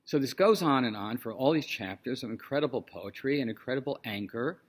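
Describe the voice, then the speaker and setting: A man in a rabbi's role, teaching in a loose, chatty way. His pitch sits in the middle, and he keeps adding "um" and "you know" as he retells an old story. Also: brisk, few pauses. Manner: conversational, animated retelling with many fillers. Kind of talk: informal teaching talk.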